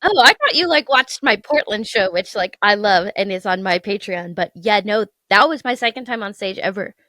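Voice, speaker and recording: A woman's voice: mid-range voice, lively intonation, normal speed, sharp tone, no echo, clean studio sound. A woman in her thirties from Michigan, a guest on a podcast, talking in a rambling, self-deprecating way and laughing often. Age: 30s. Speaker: guest, content creator. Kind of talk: casual interview chat.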